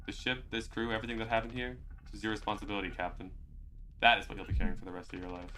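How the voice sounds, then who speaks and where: A man's voice: flat delivery, very fast, a little hiss or hum, rough recording. A man reading as a bitter crew member. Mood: accusing. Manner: quiet, low reading voice. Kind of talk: reading game dialogue aloud.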